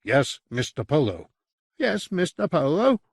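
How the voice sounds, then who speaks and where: A high, sulky demon with an Australian accent grovels and sneers by turns, as a man puts him on. He sounds obsequious but smug, a storybook fiend bound against his will. The recording is dry and close. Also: very animated, measured pace, creaky, husky, no echo, full character voice. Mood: sullen. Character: sly, sulky male demon servant.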